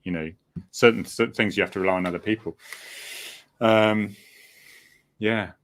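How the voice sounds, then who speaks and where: A man with a voice that sits a little low co-hosts a relaxed chat. He jokes and teases freely and laughs easily. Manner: jokey, teasing, quick to laugh. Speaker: co-host. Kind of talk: casual chat.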